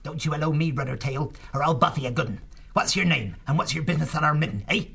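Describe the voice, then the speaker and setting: A pugnacious little male bank vole from a storybook, voiced by a male narrator. His voice is rough and gravelly, a touch higher than a normal man's, with a husky, raspy edge. He blusters and threatens in a rustic country way. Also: quick pace, bright, forceful tone, heavily acted. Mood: belligerent. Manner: blustering, combative, country dialect. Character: small fat male bank vole, quick-tempered and bristling. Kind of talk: audiobook character voice.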